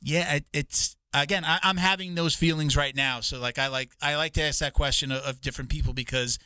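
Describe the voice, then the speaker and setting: A man's voice: on the high side, steady tone, brisk, pushed and bright, clean tone, dry recording. A man co-hosting a podcast, talking casually and rambling, swearing and restarting his sentences often. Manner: rambling, profane, with many restarts.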